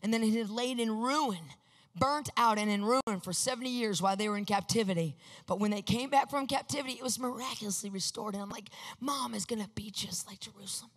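A woman's voice: a little high, brisk. Woman preaching in a reverberant hall. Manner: emphatic, swings from hushed to loud. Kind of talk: sermon testimony.

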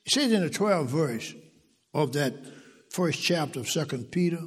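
A man's voice: a little high, animated, moderate pace, husky. A man, preaching a sermon and reading scripture aloud, building to emphatic call-and-response. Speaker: pastor. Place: church sanctuary. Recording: long reverb of a large church.

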